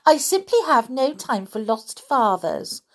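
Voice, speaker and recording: A woman's voice: on the high side, sing-song, measured pace, voice pushed up. A woman voicing an upset, determined little girl mouse who talks indignantly and anxiously. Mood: worried.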